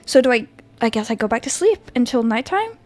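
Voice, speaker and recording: A woman's voice: fairly high pitch, very animated, fairly quick, darkish tone, dry recording. A teenage girl giving sarcastic, reactive commentary while playing a game. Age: teens. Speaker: gamer. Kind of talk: let's play commentary.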